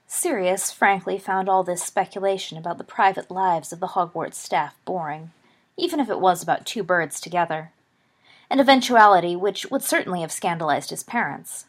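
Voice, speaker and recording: Woman with a lowish voice narrating. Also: moderate pace. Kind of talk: audiobook narration of fan fiction.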